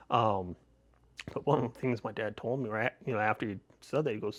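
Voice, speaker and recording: A man's voice: on the low side, fairly quick, gravelly. A middle-aged man on a podcast, telling rambling personal stories with many restarts and laughs. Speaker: podcast host, guest. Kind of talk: casual interview storytelling.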